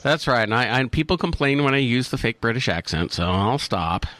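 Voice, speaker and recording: American guy cohosting, joking around, pitch all over the place. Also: a little fast. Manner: jokey, self-mocking, lively. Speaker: co-host. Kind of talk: casual radio banter.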